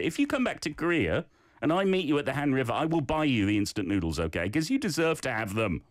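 Male radio host, playful and encouraging, animated delivery, dry close studio sound. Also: medium pitch, fast, no echo. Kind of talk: hosting a radio language segment.

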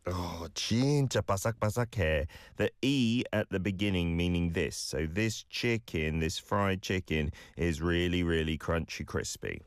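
Male language-podcast host, very deep, dry sound, warm encouragement and patient corrections. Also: measured pace, few pauses, clear, resonant tone, no echo. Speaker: language teacher hosting listener clips. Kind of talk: podcast lesson feedback.

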